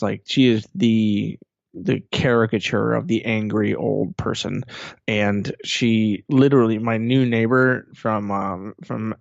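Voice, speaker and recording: A man's voice: on the low side, vocal fry, no echo, muffled recording. A man co-hosting a podcast, chatting casually and telling rambling stories with lots of fillers. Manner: rambling, laid-back storytelling with many "like" fillers. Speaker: podcast co-host. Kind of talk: casual chat.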